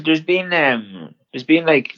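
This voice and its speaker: An Irish man co-hosting a podcast in casual chat, blunt and foul-mouthed, making quick jabs. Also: on the high side, sing-song. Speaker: podcast co-host. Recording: dull lo-fi sound.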